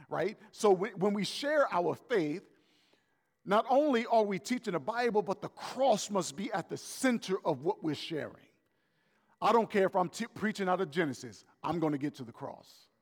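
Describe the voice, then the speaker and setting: A man preaching a sermon as pastor, emphatic and animated, repeating his points for effect. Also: high-pitched, long reverb tail.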